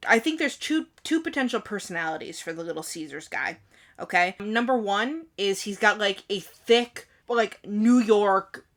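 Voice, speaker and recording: A woman co-hosting a podcast, talking frankly and casually with quick asides and swearing. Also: medium pitch, expressive, a bit bright. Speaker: podcast co-host. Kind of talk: casual chat.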